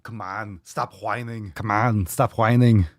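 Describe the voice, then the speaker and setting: A man's voice: on the low side, fairly even intonation, a little slow, no echo, studio quality. A man hosting a live fitness stream, chatting casually with viewers in a profane, teasing, joking way. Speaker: livestream fitness show host. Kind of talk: casual livestream chat.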